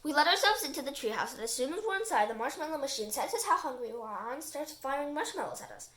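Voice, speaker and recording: A woman reading a children's storybook aloud with lively, expressive narration. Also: sits high, fast. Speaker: reader.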